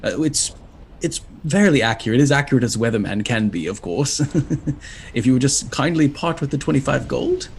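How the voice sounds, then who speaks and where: A man's voice: medium pitch, expressive, normal speed, creaky, slight background noise, voice pushed up. A man voicing a small, nervous male imp professor who stammers and is overly polite. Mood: fussy helpful.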